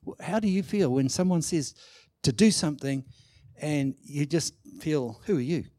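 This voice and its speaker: Slow, emphatic male preacher, dry sound. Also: fairly high pitch, dry recording. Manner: animated, emphatic preaching with asides and quoted dialogue. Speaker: pastor. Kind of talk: sermon.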